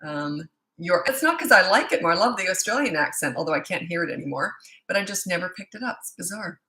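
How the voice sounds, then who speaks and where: She's a fast talker with a lowish, sharp voice and lively intonation. In her sixties and working as a parenting coach, she chats casually on a home live stream, reading viewer comments and rambling between them.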